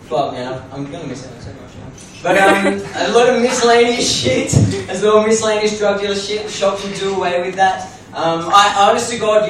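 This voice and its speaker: A young man doing open mic stand-up comedy in a club, rambling and self-deprecating, swearing freely. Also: high voice. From Australia. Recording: roomy distant club recording, noisy.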